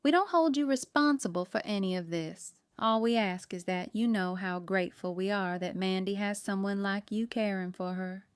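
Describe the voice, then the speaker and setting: A woman voicing a gentle, thankful small-town mother. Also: medium pitch, moderate pace, hardly any pauses, clear, resonant tone, no echo, clean studio sound, lightly acted. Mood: grateful.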